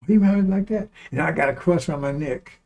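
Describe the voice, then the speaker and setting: A man's voice: fairly high pitch, fast, vocal fry, a little mellow. A man giving a blunt, profane, preaching-style monologue, repeating lines for emphasis and chuckling between remarks. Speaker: online commentator.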